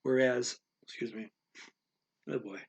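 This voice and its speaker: Guy teaching mandarin tones, kinda raspy, takes his time, lots of ums, does big high and low demo sounds. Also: fairly even intonation. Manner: unhurried, halting with fillers and restarts. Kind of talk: casual spoken lesson.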